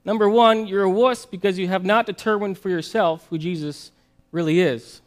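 A man's voice: sits high, steady tone, normal speed, lightly acted. A man voicing an earnest believer on a life raft who bluntly challenges his friend.

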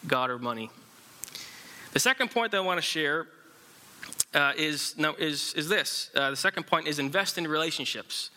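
A man preaching a sermon in a very bright, slightly high voice. He speaks haltingly, with frequent fillers and restarts, as he tells a story to the congregation. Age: adult, married. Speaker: pastor.

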